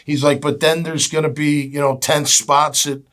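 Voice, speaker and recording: A man's voice: on the high side, level tone, normal speed, a bit bright. A man in his fifties from Florida, telling stories as a guest in a casual interview, chatty and full of fillers, acting out the dialogue he recalls. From Jacksonville, Florida. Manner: chatty, acts out quoted dialogue, many "you know" fillers. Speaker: guest, former pro football player.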